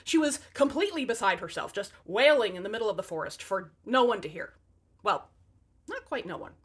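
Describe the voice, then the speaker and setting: A woman's voice: medium pitch, lively intonation, a little fast, fairly bright tone, husky. A woman telling fairy tales in a comic narration, with sarcastic, wry asides to the audience. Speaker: storyteller.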